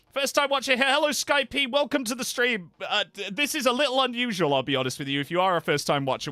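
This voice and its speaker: A male streamer with a bright, fairly high voice that swoops up and down as he chats with his viewers. He reads web pages aloud with offhand asides into a close, dry microphone. Faint music plays softly underneath. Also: dry recording. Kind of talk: casual live-stream chat.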